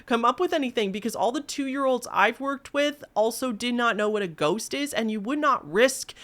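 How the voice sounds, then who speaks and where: A woman's voice: a little high, animated, normal speed, a bit bright. A young woman hosting a casual video, chatting animatedly to her viewers and mimicking voices in the lines she quotes. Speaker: YouTube host. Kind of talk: casual commentary on viral videos.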